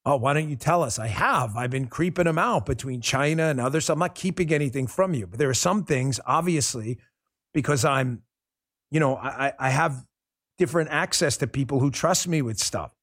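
Male show host, mid-pitched, impassioned and blunt, swears freely, dry close-miked sound. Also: normal speed, a bit bright, slightly rough, dry recording. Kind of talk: monologue on a talk show.

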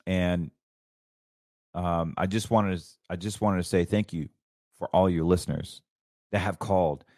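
Fervent low-voiced male finance host. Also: fairly even intonation, unhurried, a little mellow, dry recording, clean studio sound. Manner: fervent, preachy, rambling with restarts. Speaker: show host. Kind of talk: casual financial commentary.

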